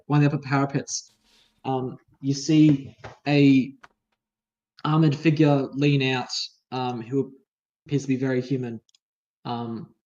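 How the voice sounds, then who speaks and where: A man's voice: mid-range voice, darkish tone, dull audio. A man running a tabletop game as game master, narrating casually and hesitantly with many fillers.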